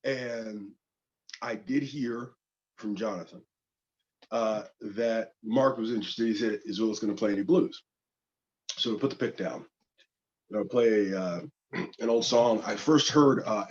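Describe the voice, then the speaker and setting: Relaxed man rambling about blues. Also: lowish voice, measured pace, lo-fi sound. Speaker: guest guitarist. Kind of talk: singing with guitar, then casual spoken intro. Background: loud guitar.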